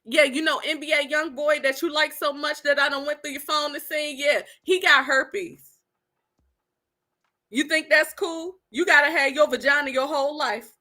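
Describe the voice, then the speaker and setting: A woman, giving animated, sassy commentary straight to her viewers. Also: sits high, moderate pace. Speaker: online commentator.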